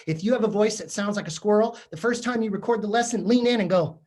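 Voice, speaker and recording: A man's voice: high voice, fast, few pauses, a little mellow. Guy doing a jokey, self-mocking talk for teachers, chatty and loose. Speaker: keynote speaker to teachers. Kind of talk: humorous professional development talk. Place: virtual session from home or office.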